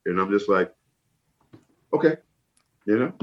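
A middle-aged man from the northern United States telling animated stories as an interview guest, acting out what others said. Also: fairly low pitch, measured pace, echoey room. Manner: animated storyteller, acts out quotes. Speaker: interview guest, former wrestler. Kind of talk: casual storytelling. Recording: dull lo-fi sound.

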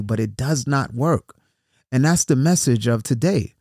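A man's voice: medium pitch, big pitch swings, moderate pace, vocal fry, dark tone, slightly rough, no echo, studio quality. A man who hosts a podcast and works as a motivational speaker. He talks casually and keeps repeating words and asking "right?". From New York City. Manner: conversational, repeats words, asks "right?" often. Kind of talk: casual solo podcast talk.

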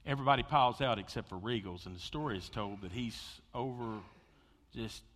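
A man preaching a sermon, telling stories with big swings between loud excitement and hushed intensity. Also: medium pitch, a little fast, a little hiss or hum. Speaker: pastor. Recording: long hall reverb.

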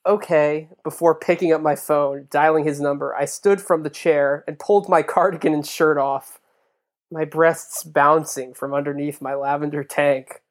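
A woman's voice: sits low, steady tone, moderate pace. A woman co-hosting a comedy podcast, reading fan fiction aloud with dry, teasing asides. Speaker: podcast co-host.

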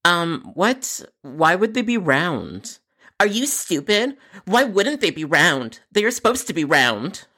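A woman's voice: fairly low pitch, big pitch swings, slow, bright, forceful tone, slightly rough, full character voice. A woman playing an angry, entitled customer on the phone, complaining in a whiny, indignant way.

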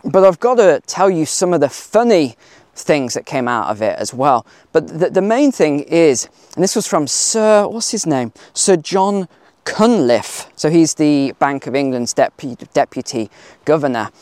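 Man, casual finance host, chatty, slightly high voice, dry sound. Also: expressive, moderate pace, darkish tone, no echo. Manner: chatty, laughing, emphatic asides. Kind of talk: casual walking talk. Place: outdoors on a hill.

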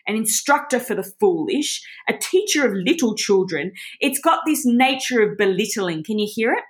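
A woman with a somewhat high voice gives a heartfelt Bible teaching. She talks casually and with passion, often restarting her sentences as she goes. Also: expressive, fairly quick, few pauses. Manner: passionate, conversational, rambling with restarts.

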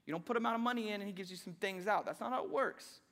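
A high-pitched male pastor preaches in an animated, conversational way and slips into sarcastic asides. His voice rings out with a long reverb, as if it fills a big church sanctuary. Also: very fast. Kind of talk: sermon. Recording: long reverb of a large hall.

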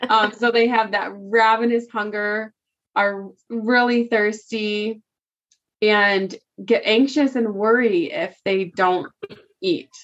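A woman's voice: mid-range voice, fairly even intonation, takes it slowly, fairly bright tone. A woman co-hosting a podcast in casual chat, talking freely, thinking aloud and laughing easily. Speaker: podcast co-host. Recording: slightly dull lo-fi sound.

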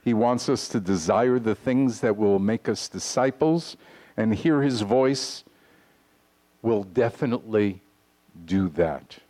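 A man preaching a sermon to his congregation, earnest and deliberate, reading scripture aloud. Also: fairly low pitch, dark tone. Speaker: pastor. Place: congregation hall.

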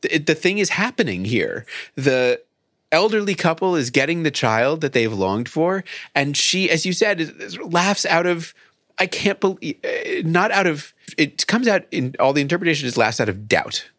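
Male Bible professor, lively slightly higher voice, conversational, riffs and acts out quotes. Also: normal speed, dry recording, clean studio sound. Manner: thinks aloud, acts out quoted lines in varied voices. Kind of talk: conversational discussion.

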